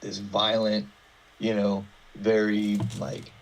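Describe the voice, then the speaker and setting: A man's voice: on the low side, monotone, slow pace, low-quality recording. A man co-hosting a podcast, talking earnestly in a casual chat and leaning on "like" and "you know.". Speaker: podcast co-host.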